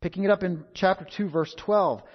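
A man preaching an expository sermon in a measured, emphatic way, repeating key phrases. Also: high-pitched. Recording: dull lo-fi sound.

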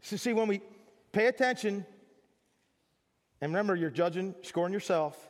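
A man with a high voice preaches to his congregation in a loose, chatty way and acts out small everyday scenes for laughs. His words ring out with the long reverb of a church hall. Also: moderate pace. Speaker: pastor. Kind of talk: sermon.

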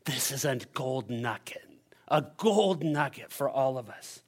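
A man preaching a sermon as pastor, animated and playful, swinging between loud urgency and quiet emphasis. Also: mid-range voice, a little slow. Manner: playful asides and silly voices for the disciples.

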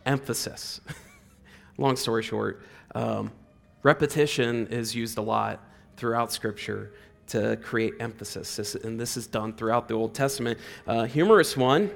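Conversational man preaching a casual sermon. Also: medium pitch. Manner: conversational, fillers like "like", swells loud on repeated words. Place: church hall.

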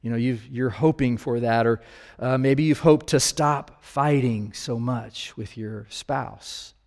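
A man's voice: medium pitch, slow pace, gravelly, darkish tone, big-room sound. A man giving a conversational sermon as a pastor, talking straight to his listeners and asking them questions. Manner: casual, talks directly to listeners with questions.

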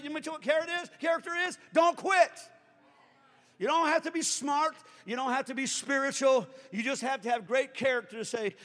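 A man in his sixties, a pastor preaching a sermon that swells into fervent shouting. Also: very high-pitched, brisk. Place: church sanctuary. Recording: reverberant church hall with music.

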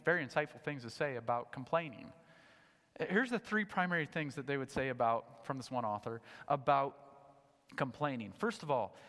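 A man preaching a sermon to a church congregation, animated, swinging between loud emphatic points and low, quiet asides. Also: big-room sound. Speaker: pastor. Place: church sanctuary.

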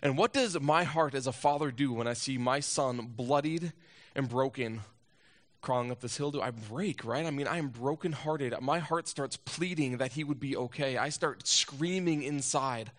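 A man preaching a sermon as a pastor, telling a personal story and asking rhetorical questions, swinging between loud urgency and hushed moments. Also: mid-range voice, moderate pace.

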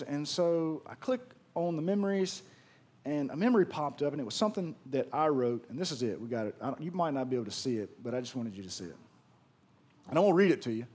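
Here a man delivers a sermon as a pastor, recounting a tale in an energetic, down-home, conversational manner with slang. He talks fast, in a slightly high voice.

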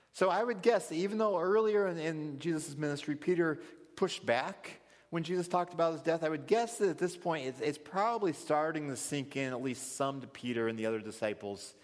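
A man teaching a Bible study, explaining scripture thoughtfully and acting out quoted lines. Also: mid-range voice. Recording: long hall reverb.

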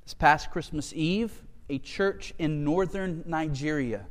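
A man's voice: fairly high pitch, takes it slowly, in a large hall. A man preaching a sermon and reading scripture in an earnest, emotional way. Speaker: pastor.

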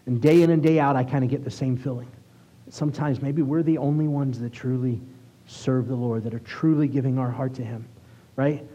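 A man preaching a sermon as a rabbi, conversational and asking his listeners questions, reading scripture aloud slowly. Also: mid-range voice, steady tone, dark tone, dull audio. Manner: conversational, asks the congregation questions.

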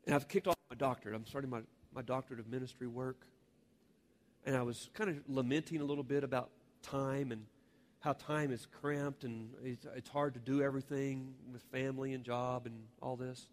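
A man's voice: mid-range voice, steady tone, brisk. A man preaching a sermon as a pastor, earnest and rising to fervent appeals to the congregation. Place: church sanctuary.

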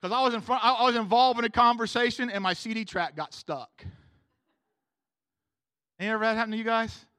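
A man's voice: very high-pitched, steady tone, a little fast, long pauses, bright, forceful tone, no echo, studio quality. A man preaching a sermon to his congregation in a casual, slangy way, often asking them to agree with him. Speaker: pastor. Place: church room with a congregation.

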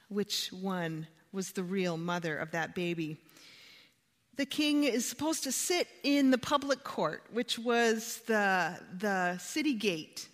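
A woman preaching a sermon, retelling a story with dramatic swings in pitch and volume. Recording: long hall reverb.

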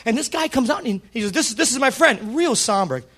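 A man's voice: very high-pitched, a little fast. A middle-aged male pastor preaching a story-driven sermon, acting out the dialogue in changing voices. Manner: animated, acts out dialogue with shifting voices.

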